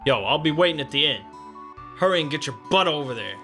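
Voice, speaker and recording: A man voicing a gruff, pushy fighter in a fan voicing of game dialogue, brash and hurried. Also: on the high side, lively intonation, bright, forceful tone, faint music behind.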